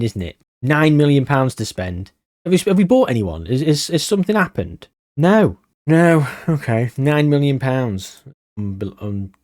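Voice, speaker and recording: Casting: male gaming commentator, mellow tone, dry close sound, grumbly and sarcastic. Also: medium pitch, dry recording. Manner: exasperated, grumbling, sarcastic asides. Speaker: gaming YouTuber. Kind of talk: casual game commentary.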